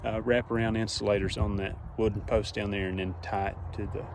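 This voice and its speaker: A young man with a fairly low voice talks plainly to his phone camera out in a farm field, thinking aloud as he works. A faint outdoor hum sits behind him. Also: level tone, brisk, gravelly. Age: young adult. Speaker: farmer filming a farm vlog. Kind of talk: casual talk to camera. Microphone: phone propped up nearby.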